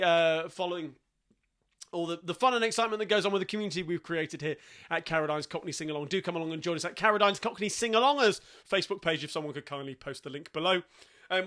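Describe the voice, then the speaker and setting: A man hosting a live-streamed sing-along, chatting cheerfully and quickly between songs. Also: sits high. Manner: chatty, cheerful, rapid asides. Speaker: sing-along host and pianist. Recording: live stream over loud piano. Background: piano music.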